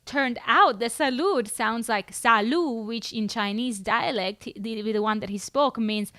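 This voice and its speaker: A woman with a fairly high, bright voice co-hosts a casual podcast. She reads listener stories aloud and giggles often, and her recording sounds close and dry. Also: measured pace, no echo. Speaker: podcast co-host. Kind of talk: casual chat.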